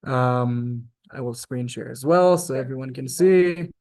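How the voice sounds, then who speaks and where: A man teaching a beginners' language class over a video call, relaxed and chatty, with many fillers and restarts. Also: medium pitch, a little slow, rough recording. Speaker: Hebrew teacher. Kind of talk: casual online class teaching.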